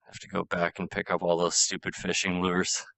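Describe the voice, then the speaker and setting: A man's voice: sits low, level tone, a little fast, creaky, pushed and bright, dry recording. A man streaming a game live, chatting casually with viewers, exasperated and swearing often as he laughs between lines.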